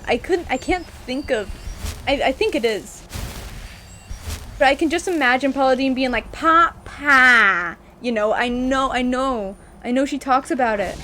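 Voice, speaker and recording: A young American woman streaming a video game, chatting casually in a rambling way and laughing often. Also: a little high. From United States. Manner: giggly, rambling, breaks into frequent laughter.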